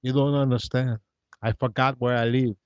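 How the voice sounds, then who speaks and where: A man playing a despairing eighty-three-year-old man in a told joke, with a mournful, deadpan delivery. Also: mid-range voice, normal speed, no room sound, natural voice. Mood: gloomy. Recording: dull dry lo-fi recording.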